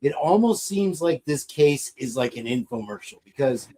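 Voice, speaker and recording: A man's voice: on the high side, lively intonation, moderate pace, warm tone, a little hiss or hum, rough recording. A middle-aged man co-hosting a podcast in casual, rambling, jokey chat, often distracted by his equipment. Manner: rambling, jokey, distracted while fiddling with gear. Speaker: podcast co-host.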